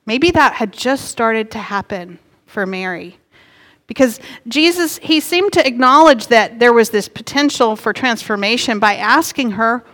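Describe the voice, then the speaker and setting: A middle-aged woman pastor preaching a sermon in an earnest, gently emphatic way. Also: fairly high pitch, animated, a little slow. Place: church sanctuary. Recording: long hall reverb.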